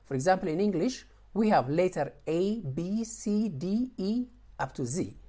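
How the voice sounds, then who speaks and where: A woman giving a recorded college English lesson, explaining slowly and repeating words as she restarts phrases. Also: lowish voice, animated, warm tone, husky. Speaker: lecturer.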